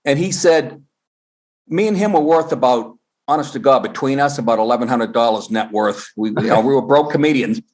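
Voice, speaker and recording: A middle-aged comedian telling stories on a podcast, animated and profane, acting out the people he quotes. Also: mid-range voice, fairly quick. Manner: animated storyteller, swears, acts out quotes. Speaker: guest comedian. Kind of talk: casual podcast chat.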